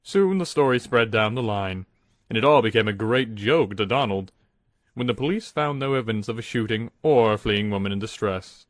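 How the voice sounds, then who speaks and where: A man's voice: on the low side, animated, moderate pace, no echo, clean studio sound. A man narrating a scripted storybook with a dramatic reading style.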